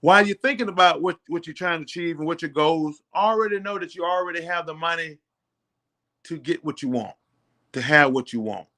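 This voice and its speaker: A man's voice: a little high, fairly quick, pushed and bright. A middle-aged man giving a motivational talk to his channel's viewers, preachy and repetitive, getting fired up as he encourages them. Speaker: network marketing channel host.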